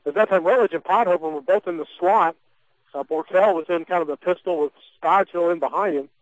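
A man's voice: sits high, fast, no echo, low-quality recording. Folksy Midwestern man calling local football. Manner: folksy, chatty, frequent fillers and restarts. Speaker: play-by-play announcer. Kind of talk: local radio sports commentary.

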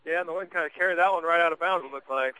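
Quick-talking Midwestern color commentator, man. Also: on the high side, bright, forceful tone, smooth, rough recording. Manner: easygoing, short remarks. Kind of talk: local radio sports commentary.

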